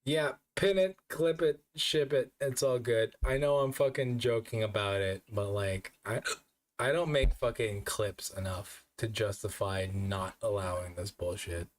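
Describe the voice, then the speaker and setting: A man's voice: fairly low pitch, unhurried, a little hiss or hum. A man streaming as a VTuber, drunk and hiccuping, talking in a rambling, profane, self-mocking way. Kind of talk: casual live-stream chat.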